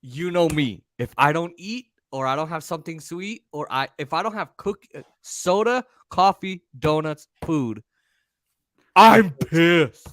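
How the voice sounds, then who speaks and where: Casual podcast co-host, male, slightly high voice, bright and lively, profane and animated. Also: normal speed, hardly any pauses, slight background noise. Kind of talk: casual storytelling chat.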